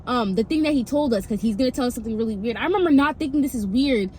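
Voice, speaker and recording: A high-pitched twenty-year-old woman tells a casual story time to her viewers. She rambles with plenty of fillers and swearing, and her pitch leaps up when she gets incredulous. A faint hum of noise sits under her voice. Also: animated, racing, a little mellow. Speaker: vlogger.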